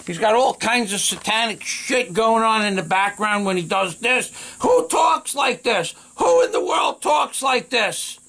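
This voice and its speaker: A man with a high, piercing voice rants at his viewers, repeating himself and spitting insults. His tone is bright and sharp, and it stays scornful and combative throughout. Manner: scornful, insulting, repetitive ranting. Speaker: video blogger. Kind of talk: angry commentary rant.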